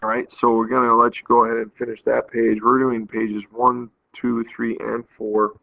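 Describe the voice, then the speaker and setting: A man's voice: mid-range voice, monotone, normal speed, gravelly, no echo. A man teaching a math lesson, patiently explaining step by step and counting aloud. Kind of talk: recorded math lesson walkthrough. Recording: tinny phone-like audio, dry.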